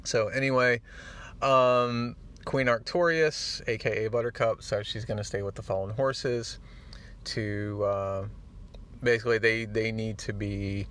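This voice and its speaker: A man hosting a podcast, retelling a comic book in a casual, animated way and getting choked up at the moving parts. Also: lowish voice. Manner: animated storyteller, acts out the dialogue; easily moved, gets choked up. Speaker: podcast host.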